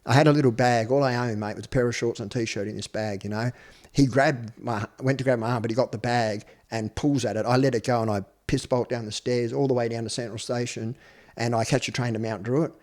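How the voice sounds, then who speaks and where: This Australian man in his fifties talks fairly quickly in a steady, mid-range voice with a darkish tone. Appearing as a guest, he narrates his life story with blunt, profane candor.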